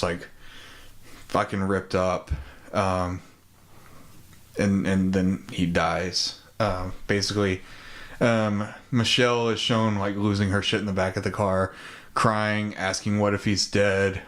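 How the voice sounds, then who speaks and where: Low-voiced laid-back man retelling a film. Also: little pitch movement, a little slow, fairly bright tone. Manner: laid-back, profane, many ums and likes. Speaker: podcast co-host. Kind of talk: casual chat retelling a film.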